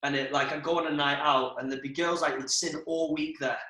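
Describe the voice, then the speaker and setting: Young male co-host, slightly high voice, sweary casual storyteller, echoey room. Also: fairly even intonation, brisk, bright, forceful tone. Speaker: podcast co-host. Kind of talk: casual chat.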